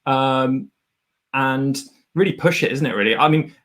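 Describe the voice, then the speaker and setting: A man's voice: medium pitch, unhurried. A man hosting a livestream, chatting casually and laughing often as he gives advice. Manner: animated, rambling, laughs often. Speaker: host reviewing a guest's channel.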